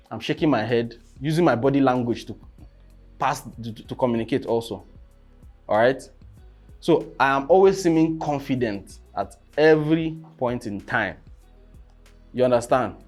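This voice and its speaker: With a medium-pitched voice, a young man teaches presentation skills in a casual way. He often asks "you understand?" and suddenly gets loud in bursts.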